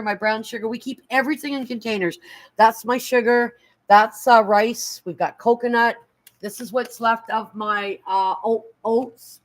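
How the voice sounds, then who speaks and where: A woman's voice: on the high side, fairly bright tone, low-quality recording. A middle-aged woman chatting casually on a live stream from her home, showing her pantry and thanking viewers, easily moved. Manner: chatty and emotional, thanking viewers, near tears. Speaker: livestreamer.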